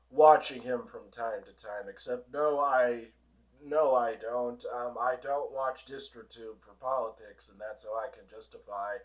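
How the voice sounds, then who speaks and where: A man with a hoarse voice hosting a sarcastic, profane political rant, in a dull, distant home recording. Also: medium pitch, a bit bright. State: hoarse from a sore throat. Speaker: host. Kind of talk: ranting political commentary.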